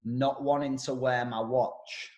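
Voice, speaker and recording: A personal development coach co-hosts a casual podcast, talking bluntly and ramblingly with many restarts. His mid-range voice is slow, flat, and darkish in tone, and the recording has a roomy echo.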